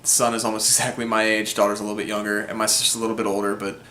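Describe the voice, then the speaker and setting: A man's voice: lowish voice, level tone, racing, sharp tone, a little hiss or hum. Chatty young man in a roomy echo. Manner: rambling, chatty, lots of fillers. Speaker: film vlog host. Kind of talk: casual movie review monologue.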